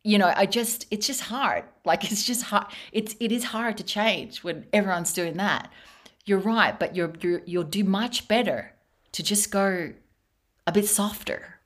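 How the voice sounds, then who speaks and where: A woman's voice: mid-range voice, a little slow, fairly bright tone. A young adult woman hosting a podcast, telling a story in a casual, chatty way and laughing often. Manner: laughs often, tells stories with restarts. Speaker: podcast host. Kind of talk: casual interview chat.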